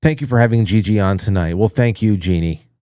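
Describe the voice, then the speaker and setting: A man's voice: on the low side, brisk, mellow, clear, resonant tone, no room sound, clean studio sound. Profane joking male talk show host. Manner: loose, profane, joking, mock-prim voices. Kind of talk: casual chat reading listener comments.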